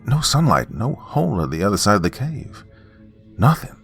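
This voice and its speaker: A man's voice: fairly low pitch, very animated, moderate pace, gravelly, faint music behind. A man narrating a horror story in a folksy, dramatic campfire style, dropping to whispers for suspense.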